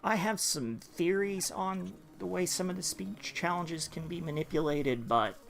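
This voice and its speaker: A man giving casual, rambling gameplay commentary, full of pauses and restarts. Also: high voice, vocal fry, fairly bright tone. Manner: rambling, with many fillers and restarts. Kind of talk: casual let's-play commentary. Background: game music.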